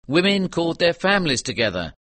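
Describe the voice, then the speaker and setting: A man narrates a storybook in a clear, measured manner, his pitch moving freely up and down. The recording is dry and close, with no room sound. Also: sing-song, a bit bright, no echo. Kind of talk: scripted audiobook narration.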